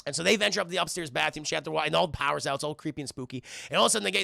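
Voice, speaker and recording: Male streamer, high gravelly voice, lively film recap, dry close mic. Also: very fast, no room sound. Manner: animated, acts out characters in shouted voices. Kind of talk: excited movie recap to live chat.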